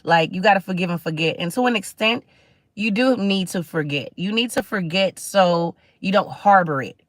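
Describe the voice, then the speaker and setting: A woman's voice: medium pitch, normal speed, dry recording. Chatty woman livestreamer, dry close sound. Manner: chatty, preachy, shouts out viewers. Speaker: livestream host. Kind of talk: casual livestream talk.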